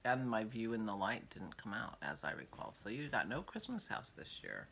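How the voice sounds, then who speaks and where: A woman's voice: a bass voice, sing-song, moderate pace, gravelly, a bit bright, a little hiss or hum. An older woman hosting a casual vlog, chatting in a rambling way as she thinks aloud. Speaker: podcast host.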